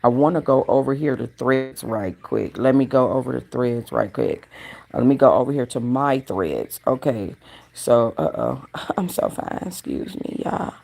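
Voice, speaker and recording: Very gravelly chatty livestream host. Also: mid-range voice, expressive, moderate pace, darkish tone. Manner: chatty, talks straight to viewers. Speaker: gossip channel host. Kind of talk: casual livestream commentary.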